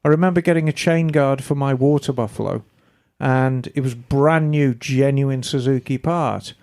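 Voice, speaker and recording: A woman hosting a podcast, chatting casually and reading listener emails in a lively, storytelling way. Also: low voice. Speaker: podcast host.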